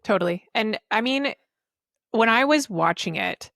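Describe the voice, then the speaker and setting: A woman's voice: a little high, animated, a little slow, creaky, fairly bright tone, no echo. A woman co-hosting a podcast in casual chat from a hotel room, with a dry, wry humor. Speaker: podcast co-host.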